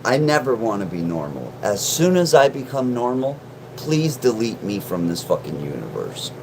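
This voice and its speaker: A man's voice: on the low side, huge pitch swings, normal speed, creaky, noisy background. A man hosting a casual livestream from his mom's basement, joking and swearing as he chats with viewers. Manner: profane, joking, self-mocking. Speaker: livestream host.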